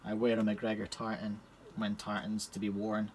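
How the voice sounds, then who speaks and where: A man's voice: on the low side, monotone, normal speed, a little hiss or hum. A man with a Scottish accent chatting casually on a live stream while setting up puzzle cubes in a shed. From Scotland. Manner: chatty, cheerful, talks while working with his hands.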